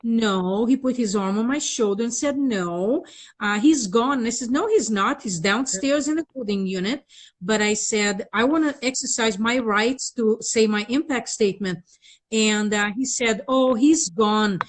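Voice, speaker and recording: A woman guest speaking as a victims' rights advocate, halting with many fillers as she recounts events with rising indignation. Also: a little high. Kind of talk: conversational interview.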